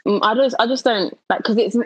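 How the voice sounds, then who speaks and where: A woman's voice: on the high side, brisk, husky, no room sound, poor audio. A young woman co-hosting a casual chat, rambling with many fillers and frequent giggles. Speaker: podcast co-host.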